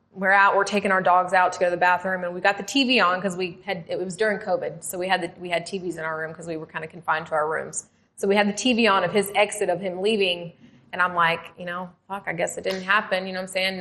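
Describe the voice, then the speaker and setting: A middle-aged woman recounts her past as a guest on a talk show. She tells it in a conversational, animated way, putting on the voices of the people she quotes. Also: mid-range voice. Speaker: interview guest, former prisoner. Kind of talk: conversational storytelling.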